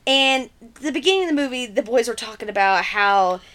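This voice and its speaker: This podcast co-host recaps a film in relaxed conversation, slipping into the characters' dialogue. She speaks briskly and expressively, her voice a little high and fairly bright.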